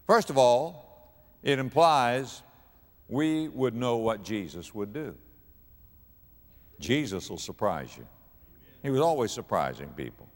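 An older male pastor delivers a sermon in a large church, his pitch swinging widely as he leans into key words and stretches them out. His voice carries a long reverberant tail from the hall. The delivery is animated, shifting between quiet explanation and sudden loud emphasis.

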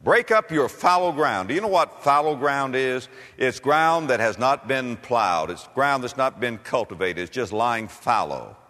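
A male preacher delivering a fervent revival sermon in a bright, ringing voice that climbs high and drops low. He fires off rhetorical questions and swings from near-shouts to hushed lines. His voice carries a long echo through a church hall. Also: big pitch swings, measured pace, few pauses. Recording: echoey hall.

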